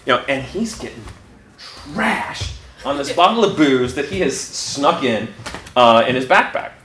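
A man telling a funny story live on stage, animated, breaking into laughter and restarting sentences. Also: medium pitch, a little slow. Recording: echoey room with background noise.

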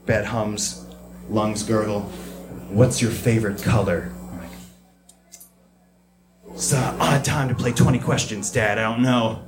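A man's voice: on the low side, a little slow, long pauses, reverberant, background noise. A man telling a comic family story on stage before a live audience, acting out family voices.

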